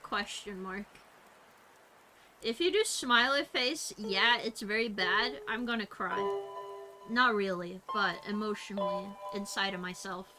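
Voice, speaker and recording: A young woman streamer chatting casually and reading her live chat aloud, animated and giggly. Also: mid-range voice, unhurried. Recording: music playing behind.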